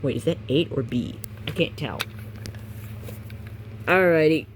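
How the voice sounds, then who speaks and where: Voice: medium pitch, a little slow, noisy background. Reader stumbling through a guidebook. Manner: casual, stumbling, self-correcting, chatty asides. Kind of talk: reading a game guidebook aloud.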